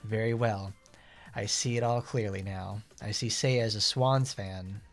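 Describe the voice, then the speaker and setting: A man's voice: on the low side, fairly even intonation, unhurried, soft background music. A man reading the lines of an aloof, scheming teenage schoolgirl from a game story, in a cool, accusing way.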